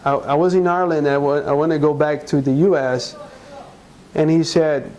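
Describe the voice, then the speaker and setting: A man from Brazil, a guest in an interview, speaking earnestly and haltingly, with frequent restarts. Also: fairly high pitch, fairly even intonation, a little mellow, poor audio. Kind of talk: conversational interview.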